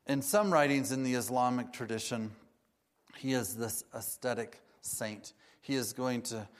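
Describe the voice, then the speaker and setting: A man preaching a sermon, telling stories in a relaxed way and putting on playful voices for the characters he quotes. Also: medium pitch.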